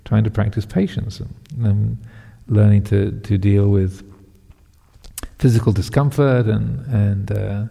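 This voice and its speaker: A man voicing a calm, patient hermit yogi who answers gently, with a gravelly voice. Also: on the low side, unhurried, in a large hall, exaggerated voice.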